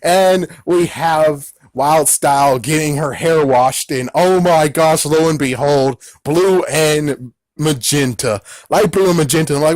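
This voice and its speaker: A man giving a casual movie recap as a reviewer, excitable and rambling, breaking into exclamations as he talks. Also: fairly high pitch, a little slow, no echo.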